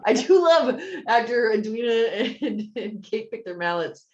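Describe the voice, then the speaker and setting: A woman's voice: on the high side, sing-song, unhurried. Woman, casual podcast chat, frequent laughter, acts out quotes, muffled lo-fi recording. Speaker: podcast co-host.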